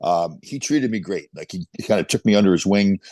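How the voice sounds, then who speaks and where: A man in his sixties, a podcast guest telling animated stories with quick restarts. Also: sits low, no room sound. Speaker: podcast guest, former pro hockey player. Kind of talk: casual storytelling interview.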